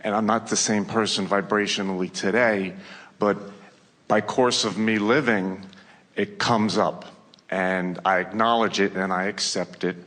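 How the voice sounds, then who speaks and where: A man's voice: fairly low pitch, fairly even intonation, unhurried, a bit bright. A man in a seminar audience asking an earnest, hesitant personal question. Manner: earnest, hesitant, searching for words. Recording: long hall reverb.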